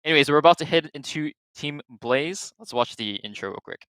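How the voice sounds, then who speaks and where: Male co-caster, bright voice, excited and rambling. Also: a little high, brisk, clear, resonant tone, no room sound. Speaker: esports co-caster and organizer. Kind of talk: live esports commentary.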